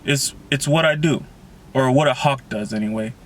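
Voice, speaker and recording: A man reading the lines of a gentle boy trapped in a hawk's body, in a low, subdued way. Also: normal speed, close to an everyday voice.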